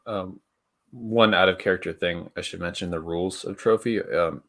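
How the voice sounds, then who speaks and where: Game master: man with a very low, bass voice, halting, full of ums. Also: vocal fry, a bit bright, a little hiss or hum. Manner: halting, many fillers and restarts. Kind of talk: narrating a tabletop game.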